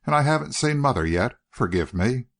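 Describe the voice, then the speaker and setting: A man's voice: mid-range voice, lively intonation, fairly quick, creaky, voice pushed up. A man voicing a guarded young woman who answers curtly and with resentment. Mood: hurried.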